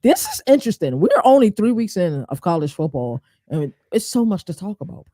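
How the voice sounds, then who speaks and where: Laid back guy cohosting a sports stream, laughs a lot, bouncy pitch, dry mic. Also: very animated, a little fast, mellow, no echo. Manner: easygoing, laughs often, agreeable. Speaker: co-host. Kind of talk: sports talk livestream.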